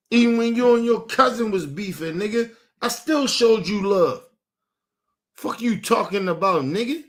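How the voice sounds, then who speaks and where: A man hosting a show, ranting angrily in with heavy swearing and a lot of repetition. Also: sits high. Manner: angry, repeats himself, swears heavily. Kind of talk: heated on-air rant.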